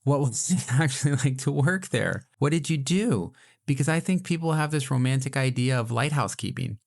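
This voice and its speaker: A man's voice: mid-range voice, animated, moderate pace, vocal fry, darkish tone. A man co-hosting a podcast in a casual chat, joking with wry asides. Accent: American. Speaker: podcast co-host.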